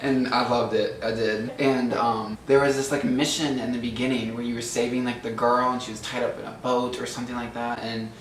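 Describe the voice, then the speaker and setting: A man's voice: medium pitch, fairly quick, hardly any pauses, roomy sound, recorded from a distance, a little hiss or hum, low-quality recording. A young man, co-host of a casual chat, telling childhood stories and acting out the voices in them. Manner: animated storyteller, acts out quotes.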